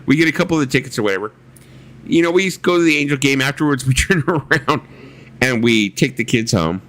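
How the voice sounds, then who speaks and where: A man's voice: medium pitch, lively intonation, quick pace, fairly bright tone. A man hosting a casual livestream chat, telling rambling stories and reading viewer comments aloud, swearing freely. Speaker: livestream host.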